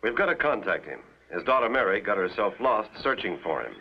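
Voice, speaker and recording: A man voicing a steady adult adventure hero with a brisk, commanding manner, on a lo-fi 1950s cartoon soundtrack. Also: on the low side, a little hiss or hum.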